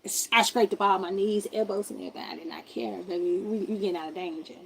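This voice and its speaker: A woman streamer telling a personal story in a casual, animated way, full of slang and talking straight to her viewers. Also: medium pitch, fast, vocal fry, a little hiss or hum.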